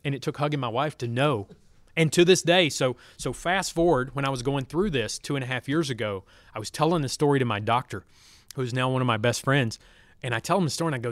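Speaking a little fast in a mid-range voice, a former fighter pilot recounts his story for a podcast, voicing the quoted lines himself. The storytelling interview was recorded in a studio on a studio mic, with no echo.

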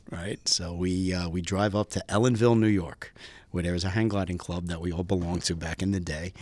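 A man's voice: low-pitched, a little fast, no room sound. Storytelling man laughing through his answers. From East Coast of the US. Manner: animated, laughs often while telling stories. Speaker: police aviation lieutenant, guest.

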